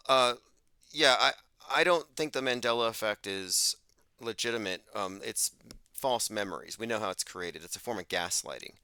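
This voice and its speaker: A man's voice: fairly low pitch, moderate pace, pushed and bright, clear, resonant tone, no room sound. Blunt, lecturing man hosting a call-in show. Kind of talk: live call-in show monologue.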